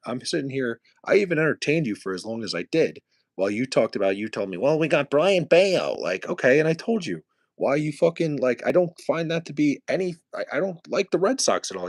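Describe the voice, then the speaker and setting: A man's voice: medium pitch, no echo, clean studio sound. A young man from New City, streaming live and trash-talking viewers in profane, mocking chat. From New York City.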